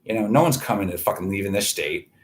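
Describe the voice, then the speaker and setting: A man's voice: fairly low pitch, expressive, fast talker. A man hosting his own online show, talking in a profane, boastful, meandering monologue from home. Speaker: livestream host. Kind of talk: rambling crude monologue.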